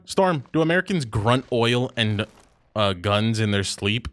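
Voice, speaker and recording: A man's voice: fairly low pitch, expressive, unhurried, no echo, studio quality. A man streaming a video game, chatting casually in a profane, teasing way that often breaks into laughter. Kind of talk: casual gaming chat.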